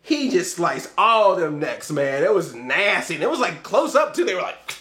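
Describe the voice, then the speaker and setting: Male vlogger, high-pitched, animated casual film-review delivery with frequent laughs. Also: moderate pace. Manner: animated, laughs often, acts out scenes in quoted voices. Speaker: movie reviewer. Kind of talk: casual movie review rant.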